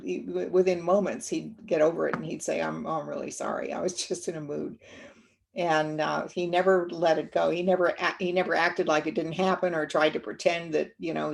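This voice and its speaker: A woman guest speaker telling a reflective story in a webinar, gentle and unhurried, with many fillers and restarts. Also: fairly low pitch, gravelly.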